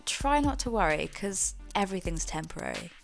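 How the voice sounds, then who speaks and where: A woman's voice: mid-range voice, expressive, brisk, creaky, soft background music. A young woman, introducing her podcast in a chatty, earnest way that is a little self-mocking. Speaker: podcast host.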